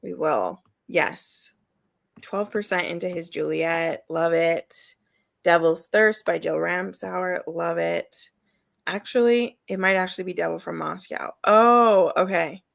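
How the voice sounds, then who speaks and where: A woman's voice: on the low side, slow, gravelly, dry recording. A woman hosting a live reading stream, chatting casually and laughing often as she gushes about books. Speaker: readathon host.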